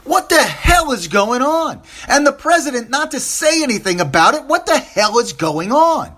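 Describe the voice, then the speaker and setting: A man's voice: very high voice, very animated, moderate pace, fairly bright tone. A man hosting a solo opinion podcast, upset and impassioned, repeating phrases for emphasis and stumbling over restarts. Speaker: podcast host.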